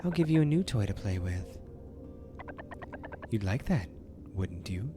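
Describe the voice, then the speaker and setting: A man voicing a mocking male video game villain in a slow, taunting, half-whispered way. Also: fairly high pitch, very animated, over music, voice pushed up.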